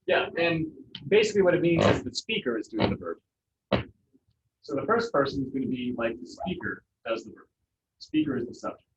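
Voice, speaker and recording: A man teaching a Spanish class, relaxed and jokey, with many fillers. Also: a little high, brisk, noisy background. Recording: roomy, distant, muffled classroom sound.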